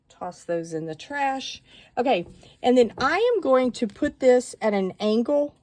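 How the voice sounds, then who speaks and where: Woman host for a craft tutorial, mellow tone, chatty and digressive. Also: medium pitch. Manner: chatty, rambling with asides and fillers. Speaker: stamping craft demonstrator.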